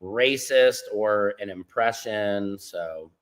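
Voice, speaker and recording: A man's voice: lowish voice, slow. A male podcast host on a video call, thinking aloud in a loose, rambling way with many fillers. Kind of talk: casual podcast chat.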